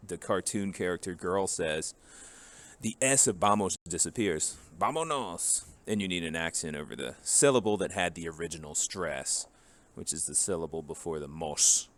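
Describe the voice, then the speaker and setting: Very deep-voiced man teaching a lesson. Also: normal speed. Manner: casual and joking, drills forms one by one. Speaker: Spanish teacher. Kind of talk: recorded grammar lesson.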